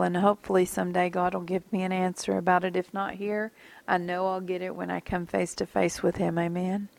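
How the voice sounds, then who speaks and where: A woman's voice: lowish voice, level tone, fairly quick, vocal fry, darkish tone, no echo. A woman giving a reflective Bible teaching in a musing, conversational way, at times dropping almost to a whisper.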